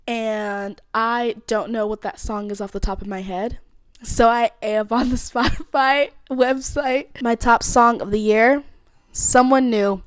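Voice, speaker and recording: A woman's voice: on the high side, fairly even intonation, slow, smooth, no room sound. Young woman hosting a solo podcast, playful and slangy, dry close sound. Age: 20s. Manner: playful, slangy, rambling with laughs. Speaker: podcast host. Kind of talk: casual solo podcast chat.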